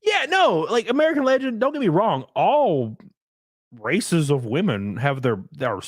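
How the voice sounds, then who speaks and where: A man's voice: high-pitched, sing-song, unhurried, no echo, clean studio sound. A man hosting a casual solo livestream, rambling and crude, often laughing as he reads out chat comments. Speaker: livestream host.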